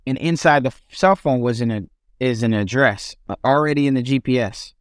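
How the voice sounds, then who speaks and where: A man's voice: medium pitch, a little fast, clear, resonant tone, no echo, clean studio sound. A young man, a podcast guest, telling his own story in casual speech with frequent restarts and fillers.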